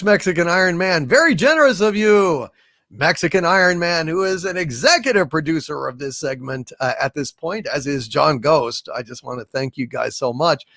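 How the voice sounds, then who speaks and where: A man's voice: high-pitched, sharp tone, no room sound, clean studio sound. A man hosting a casual live stream, reading viewer messages and thanking donors in a grand, effusive way. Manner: effusive, thanks donors with grand hails, hums little fanfares. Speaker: livestream host.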